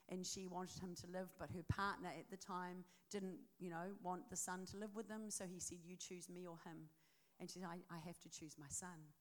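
A woman preaching a sermon and telling a personal testimony, with an animated storytelling manner full of fillers and restarts. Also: on the low side.

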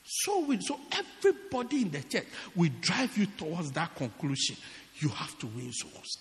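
A man preaching a sermon as pastor, emphatic and repetitive, swinging from shouts to hushed words. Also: a little high, very animated, moderate pace, in a large hall. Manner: emphatic, repeats phrases for stress, swings between shouting and hushed tones. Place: church.

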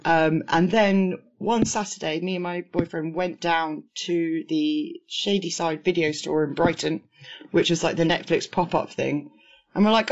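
A woman's voice: deep voice, fairly even intonation, moderate pace. A woman in her thirties chatting casually as a podcast co-host, rambling, swearing freely and acting out quotes. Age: 30s. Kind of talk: casual chat. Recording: slightly dull lo-fi sound.

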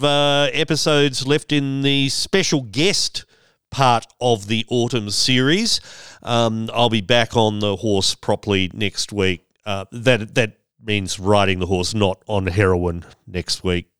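A man's voice: on the low side, a bit bright, clean tone, no echo, clean studio sound. A man hosting a solo podcast, talking in a chatty, wry way with rambling asides. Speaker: podcast host.

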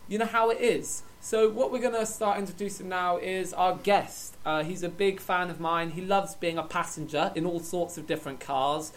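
A man's voice: high-pitched, steady tone, moderate pace, hardly any pauses. A man co-hosting an improvised comedy show in a theatrical, mock-emotional way. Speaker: comedy podcast co-host.

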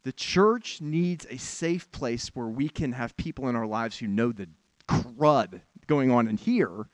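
A man's voice: mid-range voice, measured pace, no echo. A pastor giving a sermon in a candid, conversational way, with frank asides to his congregation.

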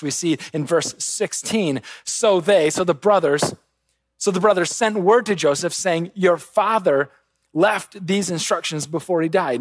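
A man preaching a sermon, swinging between quiet intensity and raised urgency. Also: high voice, dry recording. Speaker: pastor.

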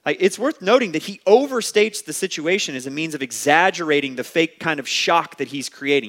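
Conversational male pastor preaching, somewhat high-pitched, earnest and plainspoken. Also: expressive, brisk, few pauses, a bit bright. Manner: conversational, uses "like" often; earnest, exhorting. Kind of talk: sermon.

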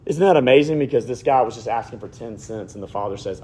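A man preaching a sermon, rising to loud emphatic points and dropping to hushed, intimate near-whispers. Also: medium pitch, fast, husky.

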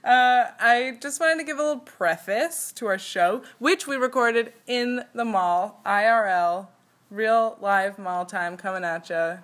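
A woman's voice: on the high side, measured pace, fairly bright tone, dry recording. A woman hosting a casual podcast, sounding nasal from a cold, laughing often and joking with her co-host. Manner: giggly, joking. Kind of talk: casual chat.

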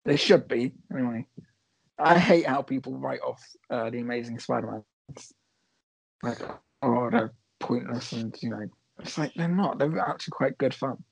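A man's voice: mid-range voice, moderate pace, creaky, husky, dry recording, rough recording. A man co-hosting a casual comedy chat, dry and exasperated. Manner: exasperated, dry, laughs often. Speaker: podcast co-host.

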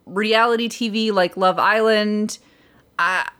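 A young woman co-hosting a casual podcast chat, loud and rambling, swearing freely. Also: medium pitch, steady tone, takes it slowly. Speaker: podcast co-host.

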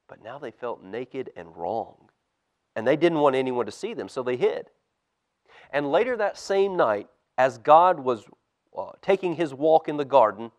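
A man, a pastor, reading a storybook aloud to children in church with expressive, animated storytelling. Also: mid-range voice. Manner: expressive storytelling, lively swings in loudness.

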